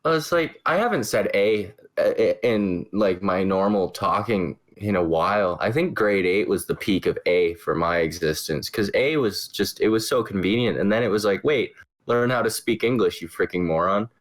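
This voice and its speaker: A man from Canada with a fairly low voice, hosting a relaxed podcast conversation. He jokes around and laughs a lot as he talks. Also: moderate pace, hardly any pauses. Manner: joking, laughs often. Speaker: podcast host. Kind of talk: casual chat.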